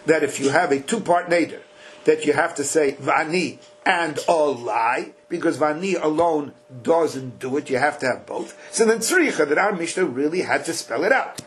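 A man's voice: fairly high pitch, normal speed. A man teaching a Talmud class. He reads the text in a chant, explains it in casual English and drives points home with rhetorical questions.

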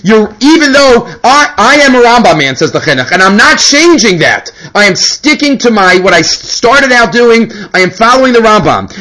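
Animated man teaching a Talmud class. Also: sits high, poor audio. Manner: animated, mixes Hebrew and English. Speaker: Torah teacher. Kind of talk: Talmudic lecture.

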